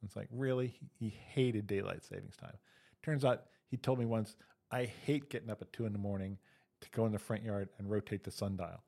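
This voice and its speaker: A man's voice: fairly low pitch, fairly even intonation, fairly quick, gravelly, dark tone. A man co-hosting a comedy podcast, chatting casually and telling dad jokes and long joke stories. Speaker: podcast co-host.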